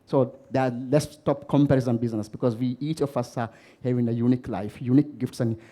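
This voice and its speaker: Man, keynote speaker, motivational talk, storytelling, quizzes the crowd, mellow tone. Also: mid-range voice, steady tone, brisk. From Maldives. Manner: storytelling, asks the audience questions. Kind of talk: motivational talk to a live audience.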